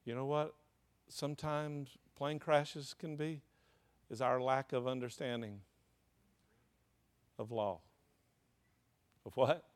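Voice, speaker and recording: A man's voice: medium pitch, flat delivery, slow pace, pauses often. A man preaching a sermon, tossing questions to the congregation and answering them. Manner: call-and-response preaching, asks the congregation questions. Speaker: pastor.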